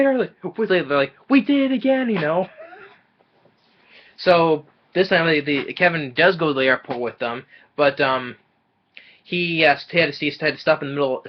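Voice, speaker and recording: A man talks through a movie plot in a loose, rambling way, stumbling over his words and restarting often. His voice sits at an ordinary middle pitch, and the recording sounds dull and lo-fi. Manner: rambling and halting, with many fillers and restarts. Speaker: movie reviewer. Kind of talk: casual spoken film recap.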